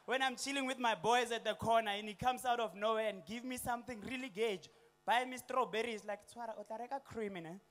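South African stand-up, young man, very high pitch, animated delivery with slang and put-on voices. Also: brisk, soft background music. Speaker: stand-up comedian. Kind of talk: stand-up comedy set. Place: comedy stage before a live audience.

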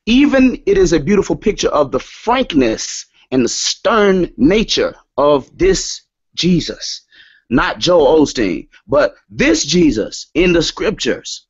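Male lecturer, emphatic sermon delivery with lively pitch swings, muffled lo-fi sound. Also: husky. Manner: emphatic, repeats key statements. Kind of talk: sermon-style scripture lecture. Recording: dull lo-fi audio.

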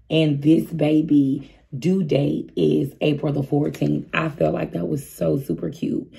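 Speaking with vocal fry in a low, dark voice, a woman in her thirties recounts a storytime for her vlog. The chat is candid and casual, aimed straight at her viewers.

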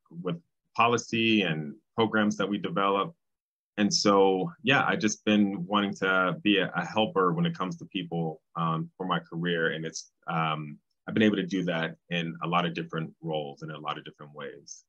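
Man, very low voice, thoughtful, many ums, muffled lo-fi recording. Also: bright, forceful tone. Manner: thoughtful, with frequent ums and restarts. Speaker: guest, civil rights state director. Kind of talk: casual interview conversation. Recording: slightly dull, lo-fi sound.

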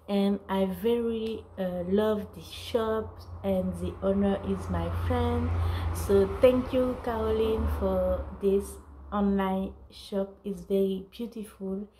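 Slow, halting woman with a mellow voice. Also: medium pitch, poor audio. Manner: halting, searching for words; apologetic. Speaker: vlogger. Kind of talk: casual haul video.

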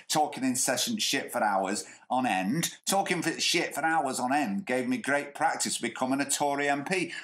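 A man's voice: medium pitch, moderate pace, few pauses, a bit bright. A man hosting a podcast, giving sarcastic, sweary commentary and mocking the people he quotes. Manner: sarcastic, mocking put-on voices when quoting. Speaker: podcast host.

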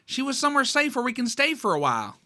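A man's voice: very high voice, wildly swooping pitch, quick pace, bright, forceful tone, no echo, pitched above the performer's own voice, exaggerated voice. A man voicing a protective young farm mare from a fan comic, urgent and scared. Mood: frightened.

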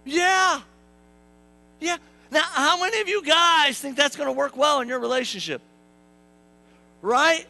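A male pastor delivers a sermon in a church, keeping it casual and full of jokes, turning to the congregation as he talks. His voice sits high and rings bright and clear, and he slips into playful voices when he acts out the quotes. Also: a little slow, long pauses, low-quality recording. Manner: joking, conversational preaching with asides to the congregation. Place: church sanctuary.

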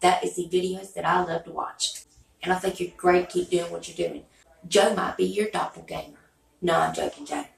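A woman talks in a gravelly, creaky voice, chatting folksily to her viewers in a loose, rambling vlog. She sits back from the mic in a roomy, echoey space. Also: lowish voice, steady tone, normal speed, recorded from a distance. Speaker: beauty YouTuber. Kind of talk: rambling casual vlog chat.

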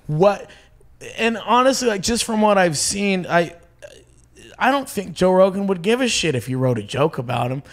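A man's voice: high voice, animated, moderate pace. A man who is a comedian, chatting casually as a podcast guest, telling stories animatedly, acting out quotes, and swearing often.

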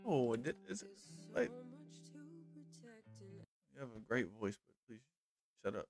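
A man's voice: mid-range voice, very animated, takes it slowly, vocal fry, soft background music. A man streaming a game live, chatting loosely with viewers, swearing freely and calling them by nicknames. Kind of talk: casual live-stream chat while gaming.

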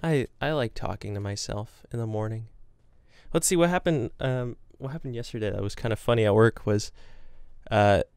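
A young man talks casually to his camera, rambling and poking fun at himself as he tells stories. His voice is smooth and clear, and the sound is dry and close with no room echo. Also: fairly low pitch, moderate pace, darkish tone. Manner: rambling, self-deprecating storytelling. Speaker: gaming vlogger. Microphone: camera with green screen.

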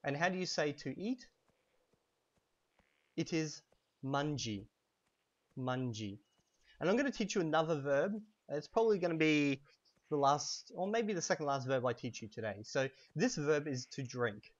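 While playing a game at home, a language teacher with a slightly high voice chats casually and goes through vocabulary, saying each word slowly for learners; he's a bit hoarse from a cold. The recording has its highs cut off and a constant background noise.

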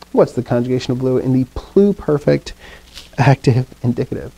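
A man's voice: medium pitch, a little fast, dark tone. A man teaching a classroom lesson, first reciting drills, then explaining with fillers and questions to the students.

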